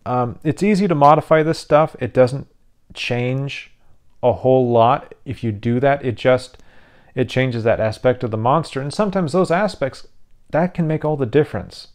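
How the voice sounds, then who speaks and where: A man's voice: mid-range voice, normal speed. A tired, yawning man hosting his own channel, rambling casually with frequent restarts as he explains tabletop game rules. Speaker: YouTube channel host.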